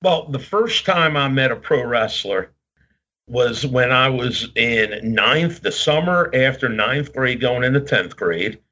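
A man with a medium-pitched, animated voice and a sharp tone speaks slowly, telling long, rambling stories in casual conversation. He laughs often and acts out what people said. The recording has a dull, lo-fi quality.

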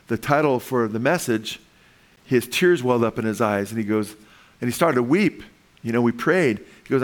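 A man preaching a sermon as pastor, reading scripture slowly and rising in pitch and volume to stress points, asking the congregation questions. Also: a bit bright. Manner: reads verses slowly, asks the congregation questions.

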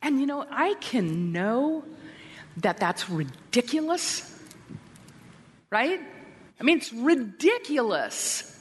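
A woman's voice: fairly high pitch, sing-song, slow pace, pauses often, slight background noise. A middle-aged woman giving a candid, self-deprecating talk to women, with wry asides. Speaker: Christian women's speaker. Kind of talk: conference talk. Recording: long hall reverb.

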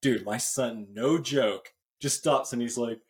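A man in his thirties, a podcast guest, telling lively stories in a casual chat and saying "dude" often. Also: medium pitch, unhurried. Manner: animated storyteller, says "dude" often.

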